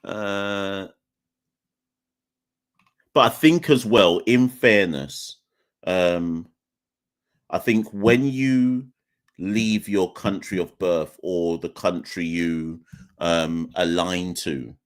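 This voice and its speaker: A man's voice: low-pitched, very slow, long pauses. A young man with an English accent, born in Jamaica, hosting a live call-in podcast in a rambling, conversational way full of restarts. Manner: rambling, self-correcting, conversational. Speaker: podcast host.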